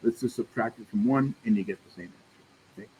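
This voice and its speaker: A man's voice: medium pitch, brisk, dark tone, husky, poor audio. A man teaching a math class in a casual, chatty way, often checking in with the room. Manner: casual, addresses class as y'all, checks in with "right?". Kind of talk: classroom lecture.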